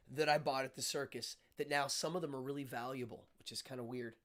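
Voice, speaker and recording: A man's voice: medium pitch, fairly even intonation, fast, hardly any pauses, fairly bright tone. A man hosting a live-stream show, talking casually and rambling with frequent fillers and restarts.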